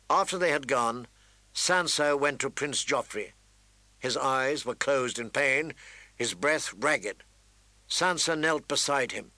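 A man reading a fantasy novel aloud in steady, dramatic storytelling narration. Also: mid-range voice, no echo. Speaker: audiobook narrator. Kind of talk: scripted narration.

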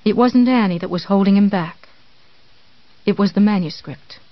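A woman narrating a thriller novel in a measured, tense storytelling manner with dramatic pauses. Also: medium pitch, no room sound. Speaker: audiobook narrator. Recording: dull, dry studio read.

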